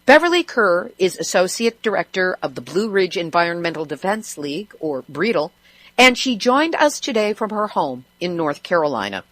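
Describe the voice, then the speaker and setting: A woman's voice: lowish voice, sing-song, normal speed, a bit bright, dry recording. A woman hosting a radio show, reading news in a scripted way with wry, sarcastic asides.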